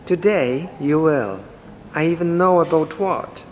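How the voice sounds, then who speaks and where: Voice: medium pitch, a little slow, a little mellow, in a large hall, slight background noise, natural voice. An actor voicing a teasing, cryptic teenage boy in an audio drama. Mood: sly. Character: teenage boy, sly little con artist.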